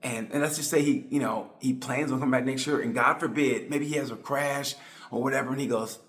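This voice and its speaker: A middle-aged man giving a rambling, excitable, tongue-in-cheek monologue about motorcycle racing. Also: mid-range voice, a little fast. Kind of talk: casual monologue.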